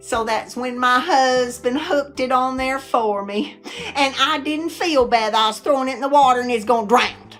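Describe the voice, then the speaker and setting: A middle-aged woman, telling folksy stories to camera in a chatty, animated way and laughing often. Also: high-pitched, unhurried, faint music behind. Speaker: vlogger.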